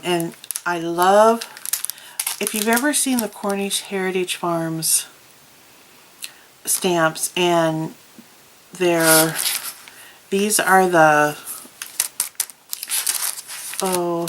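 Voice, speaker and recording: A woman's voice: fairly low pitch, noisy background. A woman vlogger chatting casually about crafts, telling stories with plenty of ums. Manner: chatty, storytelling with many ums. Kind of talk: casual chat.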